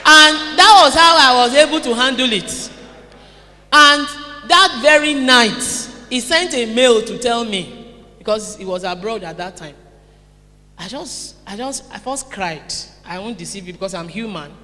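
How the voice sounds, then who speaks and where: Nigerian lady giving a lively motivational seminar talk, keeps calling out to the crowd, echoey hall. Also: on the high side, a little slow, slight background noise. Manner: lively, calls out to the audience. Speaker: seminar speaker. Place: conference hall.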